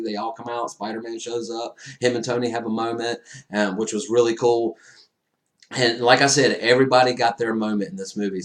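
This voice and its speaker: Male host, casual spoiler reviewer, excitable and slangy, swings between loud and hushed. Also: medium pitch. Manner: casual slang, says friggin' a lot. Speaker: movie reviewer.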